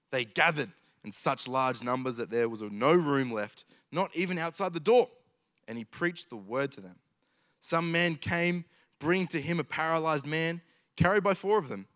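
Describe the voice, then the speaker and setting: A man's voice: on the high side, a bit bright. A man preaching a sermon in an earnest way, building his points through emphatic repetition.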